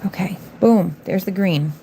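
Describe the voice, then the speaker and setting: A woman's voice: lowish voice, a little slow, vocal fry, dark tone, slight background noise. A middle-aged woman doing nails on a livestream, talking casually and bluntly, sassing viewers in the chat. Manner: blunt, sassy, talks back to chat viewers. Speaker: nail artist livestreaming.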